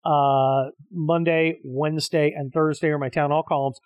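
Speaking at normal speed in a level, slightly high voice, a middle-aged man hosting his own show delivers a solo rant that's exasperated, combative and profane. The audio is narrow and tinny, with no room sound.

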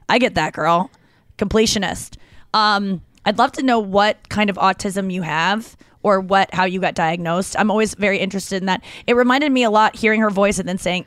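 A woman hosting a podcast in casual chat, animated and gushing, with casual swearing. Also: mid-range voice, clear, resonant tone, dry recording, clean studio sound. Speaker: podcast host.

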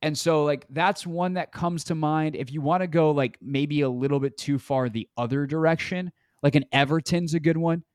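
A man's voice: fairly high pitch, moderate pace, few pauses, clean tone, no room sound. Rambling male sports podcast host, dry sound. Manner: rambling, heavy on "um" and "like". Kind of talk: casual sports chat.

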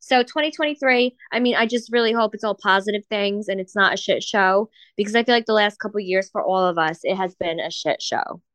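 Woman cohost, mid-pitched, easygoing and giggly, dry sound. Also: a little fast, few pauses, a bit bright, no room sound. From New Jersey. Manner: laughs often, casual, says "like" a lot. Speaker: podcast co-host. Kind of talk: casual chat.

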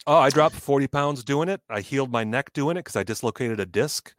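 A man's voice: mid-range voice, fairly quick, no echo. A middle-aged man telling a funny story in casual chat, acting out the other people's lines and swearing now and then. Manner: animated, acts out quoted voices, swears.

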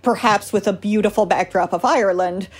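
A woman's voice: medium pitch, fairly quick, breathy edge. A woman in a casual book discussion, explaining her point in an agreeable way.

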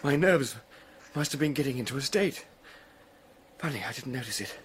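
A man's voice: mid-range voice, animated, moderate pace, a little hiss or hum, close to an everyday voice. An actor playing a nervous young male scholar alone at night, talking to himself and easily spooked. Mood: weary.

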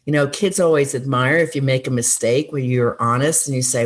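A woman who worked as a school counselor, giving earnest, encouraging advice in a relaxed interview, with frequent fillers. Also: a bass voice, fairly quick. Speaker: former school counselor, guest. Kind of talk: conversational interview answers.

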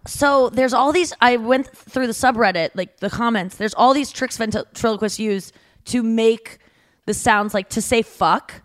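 A woman's voice: fairly high pitch, a little slow. A woman co-hosting a casual podcast, chatting and reading out fun facts and online posts. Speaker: podcast co-host.

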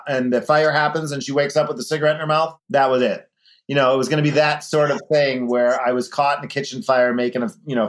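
Man, interview guest, chatty, lively storytelling, middle pitch. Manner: chatty, animated storyteller, mimics voices in anecdotes. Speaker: guest, drag performer. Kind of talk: casual interview chat.

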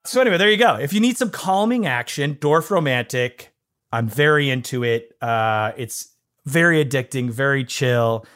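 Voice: mid-range voice, lively intonation, moderate pace, fairly bright tone. A podcast co-host chatting casually over a video call, rambling with many fillers and jokes. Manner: rambling, filler-heavy, joking.

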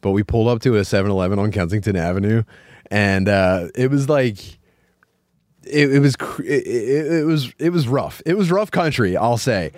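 A man with a fairly low voice co-hosts a podcast and chats casually. He rambles, trips over himself and circles back mid-sentence. The sound is dry and close, with almost no room around it. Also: animated, normal speed, darkish tone, dry recording. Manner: rambling, full of filler words and self-corrections. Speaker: podcast co-host. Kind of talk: casual chat.

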